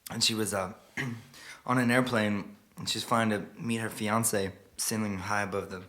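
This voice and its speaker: A man quietly murmuring a story as the spoken intro of a song. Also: lowish voice, steady tone, moderate pace. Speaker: singer telling a story before a song. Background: plucked guitar music.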